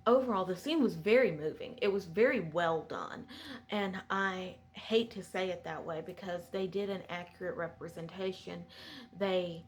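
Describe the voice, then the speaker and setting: A woman giving a chatty, digressive recap of a TV episode in a sympathetic tone. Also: lowish voice. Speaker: show recapper.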